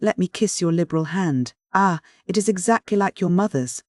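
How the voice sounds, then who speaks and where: A man's voice: high-pitched, expressive, normal speed, darkish tone, dry recording, voice pushed up. A man voicing a bankrupt old noble father, flowery, mocking and cynical in a storybook reading.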